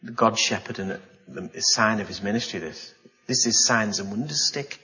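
A man preaching a sermon, telling a story with gasps, exclamations and lively asides. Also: fairly low pitch, normal speed, dull audio, soft background music. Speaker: pastor.

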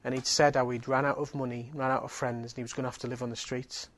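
A man's voice: mid-range voice, little pitch movement, fast talker. A man preaching a sermon, his voice sitting in an ordinary middle register. He speaks earnestly and emphatically. He hammers his points home through repetition.

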